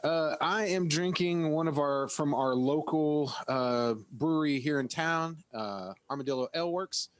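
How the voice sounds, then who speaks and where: A man co-hosting a casual chat, talking in a relaxed, halting way. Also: a little high, no echo. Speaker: podcast co-host.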